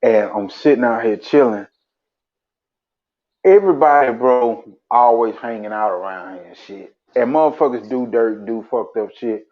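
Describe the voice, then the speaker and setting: A man's voice: mid-range voice, normal speed. Profane laughing storyteller man, lo-fi.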